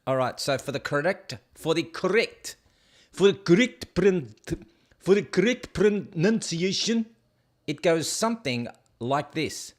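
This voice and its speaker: A man's voice: a little high, animated, unhurried. A man hosting a casual show, rambling and joking as he stumbles over hard place names. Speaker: show host. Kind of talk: casual rambling video commentary.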